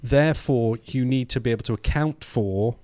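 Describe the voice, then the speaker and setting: A man's voice: medium pitch, normal speed, dark tone, dry recording, clean studio sound. A man from the UK, a podcast co-host, talking through ideas in casual discussion and reading quotes aloud. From United Kingdom. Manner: thoughtful, reads quotes aloud, frequent restarts.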